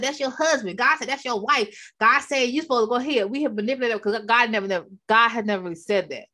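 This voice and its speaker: A woman's voice: a little high, sharp tone. A woman teaching from the Bible in a preaching style, leaning hard on repeated key words and calling out to her listeners as she speaks into a microphone.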